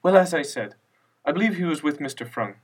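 A man reading a story, voicing a frail grieving old woman in her seventies who is tearful and quick to snap. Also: fairly high pitch, expressive, voice pushed up. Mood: weepy, vague. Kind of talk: audiobook character voice. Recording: distant mic with faint music.

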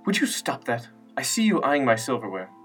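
A man reading a story, voicing a frail grieving old woman in her seventies who is tearful and quick to snap. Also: mid-range voice, lively intonation, voice pushed up, lightly acted. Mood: indignant. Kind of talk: audiobook character voice. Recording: distant mic with faint music.

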